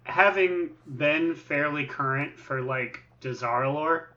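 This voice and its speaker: A man's voice: a little high, slow pace, lo-fi sound. A man co-hosting a casual gaming podcast, telling stories animatedly and acting out what other players said. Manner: animated storyteller, acts out other players' lines. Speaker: podcast co-host.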